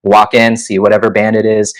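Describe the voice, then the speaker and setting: On a rough recording, a man with a lowish voice talks fairly quickly. He's a guest musician in his thirties swapping animated stories in a casual interview, frequently saying "you know" and "like."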